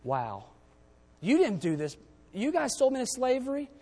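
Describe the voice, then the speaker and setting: Male preacher, fairly high voice, church sermon mixing scripture reading with plain talk, long hall echo. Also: huge pitch swings, moderate pace, a little mellow. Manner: reads King James verses aloud, then explains them conversationally.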